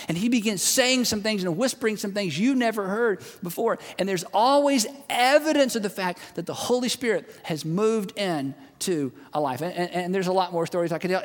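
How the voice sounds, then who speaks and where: A man preaching a sermon to a large congregation, telling stories in a relaxed, conversational way and retelling a friend's words. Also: high-pitched. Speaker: pastor. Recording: long reverb of a large hall.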